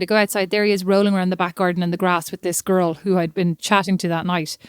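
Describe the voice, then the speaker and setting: An Irish woman co-hosting a podcast in casual chat, playful, laughing often and telling lively stories. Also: fairly low pitch, fast talker, few pauses, clear, resonant tone, no echo, clean studio sound. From Ireland. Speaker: podcast co-host.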